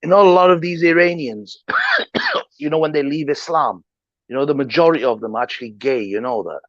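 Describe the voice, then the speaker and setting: A man's voice: on the high side, huge pitch swings, a little fast, fairly bright tone, dry recording. A man hosting a livestream, ranting in heated casual talk, slangy, combative and full of swearing. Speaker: livestream host. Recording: dull lo-fi stream audio.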